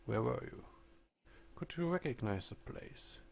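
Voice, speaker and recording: A man voicing a polite male Victorian doctor who gently asks questions, in a game read aloud. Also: mid-range voice, animated, unhurried, gravelly, slight background noise. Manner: courteous questioning.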